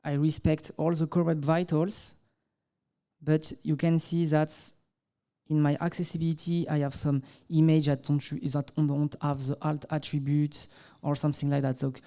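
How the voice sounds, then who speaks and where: A man with a French accent presents a live tech demo at a conference, hesitating often and filling pauses. His voice is mellow and warm, and he speaks English as a second language. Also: on the high side, steady tone. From France. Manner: hesitant, apologetic, many fillers. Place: conference hall stage.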